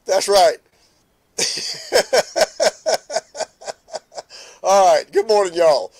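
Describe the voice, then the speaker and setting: Laughing man with a high voice. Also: sing-song, drawn-out words. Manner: laughs often, talks to commenters by name. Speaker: host of a morning live stream. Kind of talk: casual live-stream chat with viewers.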